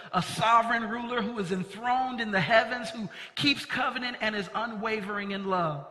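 A man's voice: high-pitched, bright, forceful tone. A man preaching a sermon as pastor, earnest and leaning hard on key words. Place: church sanctuary. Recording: long reverb of a large hall.

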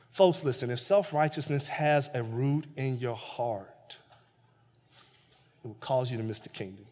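A man's voice: medium pitch, measured pace, darkish tone. A man preaching a sermon as pastor, talking conversationally with lots of repetition and building to emphatic points. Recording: long hall reverb.

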